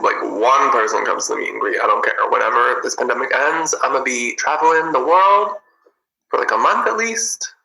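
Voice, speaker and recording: A man chatting casually with viewers on a livestream, bubbly and giggly, in an animated way. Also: mid-range voice, vocal fry, echoey room, low-quality recording. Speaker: livestream host.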